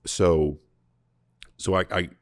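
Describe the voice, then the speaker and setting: A man hosting a podcast, explaining scripture in a casual, animated way, often restarting his sentences. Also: deep voice, slow pace, no echo, studio quality. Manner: animated, full of restarts and repeated words. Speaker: podcast host discussing scripture. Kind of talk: casual conversational Bible teaching.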